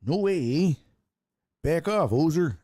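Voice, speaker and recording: A man doing a gruff Canadian hoser. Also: on the high side, animated, slow pace, dark tone, dry recording, clean studio sound, voice pushed up. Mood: mock gruff. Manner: blunt, mocking catchphrases.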